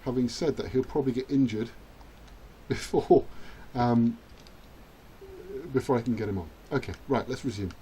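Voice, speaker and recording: A man's voice: mid-range voice, normal speed, dark tone, a little hiss or hum. A man chatting his way through a rugby video game, self-mocking and now and then cheering at the screen. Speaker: gaming channel host. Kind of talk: let's-play commentary.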